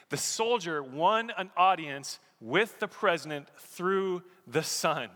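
A man's voice: a little high, animated, slow, pushed and bright. A man preaching a sermon as pastor, telling stories and building to emphatic peaks. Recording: echoey hall.

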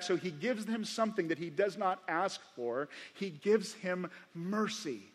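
Man, pastor, sermon, slightly high voice, emphatic repetition, long church-hall reverb. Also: expressive, fairly bright tone. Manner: emphatic, repeats key phrases slowly. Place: church sanctuary before a congregation.

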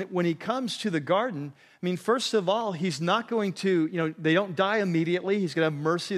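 A male pastor delivers a sermon in a slightly high, casual, conversational voice. He leans in with repeated prompts to his listeners and sinks low and soft when he lands a point. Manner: conversational preaching, repeats "catch this", drops low and quiet on key phrases.

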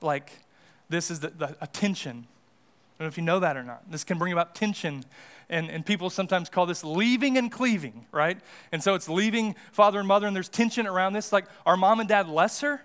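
A man's voice: high-pitched, a little fast, fairly bright tone. A young American man preaching a sermon as pastor, casual and conversational with fillers and restarts. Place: church sanctuary.

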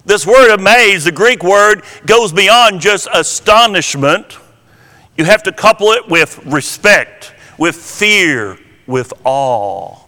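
A man preaching in a slow, deliberate sermon, repeating key words for emphasis. His voice sits high and sounds bright and forceful. A long reverb trails behind him as it carries through the hall. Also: expressive. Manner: slow, emphatic Bible teaching with repetitions.

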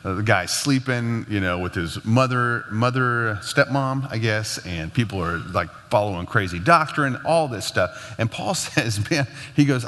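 A man teaching about marriage in a relaxed, conversational way, laughing now and then. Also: mid-range voice, unhurried, few pauses. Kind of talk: casual teaching talk. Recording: long hall reverb.

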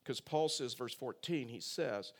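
A man's voice: medium pitch, a little slow, husky. A male pastor preaching a sermon in a conversational storytelling way, full of rhetorical questions.

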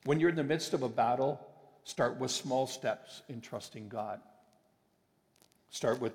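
A man preaching a sermon, emphatic and sometimes slowing his phrases for weight. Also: medium pitch, darkish tone. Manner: emphatic, with deliberate slowed phrases. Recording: long reverb of a large hall.

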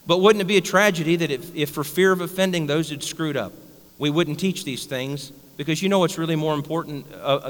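A man's voice: mid-range voice, fairly bright tone, big-room sound. A male pastor preaching a blunt, emphatic sermon straight at his congregation in a church. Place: church sanctuary.

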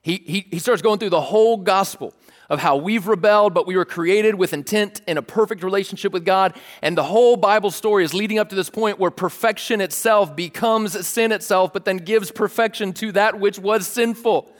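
A young adult man, a pastor, preaching a casual, animated sermon and calling out to the congregation. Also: sits high, fairly quick, in a large hall. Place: large church hall.

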